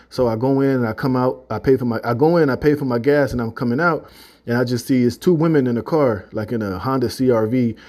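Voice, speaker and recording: Man, religious testimony, casual rambling talk, warm low tone, conversational fillers. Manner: loose and conversational, heavy use of "you know" and "man". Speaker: religious teacher giving a testimony.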